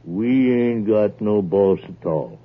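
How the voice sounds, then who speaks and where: Play a cruel country man: low, gloating, folksy, in a phone-thin 1940s radio broadcast. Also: animated, slow, full character voice. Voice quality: folksy ungrammatical drawl. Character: mean coarse rural man, gloating and cruel. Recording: tinny old radio broadcast.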